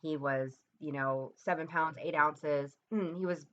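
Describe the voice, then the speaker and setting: A woman in her thirties speaking to camera in a personal vlog, telling a painful story in a halting, reflective way with many pauses and restarts, her voice dropping low and soft at the hardest moments. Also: fairly even intonation, muffled recording. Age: 30s. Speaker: vlogger.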